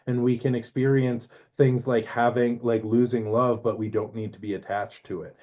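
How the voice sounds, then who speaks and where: This astrology talk show host has a medium-pitched voice, recorded with dull audio. His delivery is loose and meandering, packed with filler words and frequent checks of "right?"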